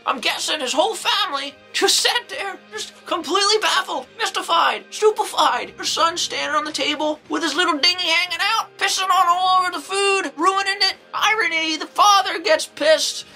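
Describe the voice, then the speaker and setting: A woman playing an eccentric, excitable old nun who reviews horror movies, rambling along with folksy exclamations. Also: extremely high pitch, normal speed, few pauses, music in the background. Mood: rambling, amused. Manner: rambling, folksy exclamations, jumps into acted quotes. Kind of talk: in-character comedic movie review.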